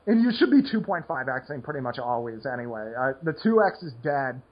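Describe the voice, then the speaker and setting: A man's voice: medium pitch, sing-song, a little fast, muffled recording. A man hosting a poker podcast, rambling casually with lots of "like" and restarts. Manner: rambling, heavy use of "like" and restarts.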